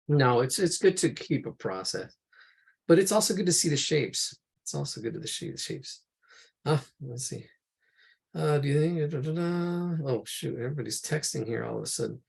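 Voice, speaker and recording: A man's voice: mid-range voice, creaky, darkish tone, slightly rough. A man thinking aloud and rambling as he leads a live drawing lesson. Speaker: art instructor.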